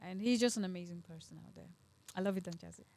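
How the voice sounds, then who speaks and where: A young woman from Dagestan in Russia with a Russian accent, a guest in a casual podcast interview, animated and quick to laugh, dropping bits of Nigerian Pidgin. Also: lowish voice, no echo. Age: young adult.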